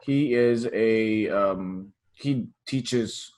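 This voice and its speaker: A man's voice: on the low side, drawn-out words, a little mellow. A man hosting a podcast interview, enthusiastic and upbeat in casual chat. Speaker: host.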